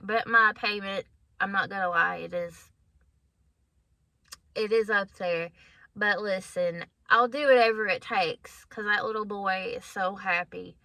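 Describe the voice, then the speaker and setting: A woman's voice: medium pitch, steady tone, a little slow, bright, forceful tone, no echo. A woman in her thirties casually telling a personal story to her viewers, candid and chatty, often laughing and calling them guys. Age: 30s. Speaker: vlogger.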